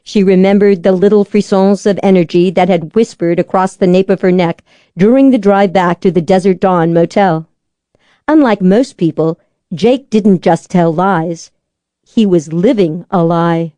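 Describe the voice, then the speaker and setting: A woman reading a suspense novel aloud as an audiobook narrator, measured and even. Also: lowish voice, no echo.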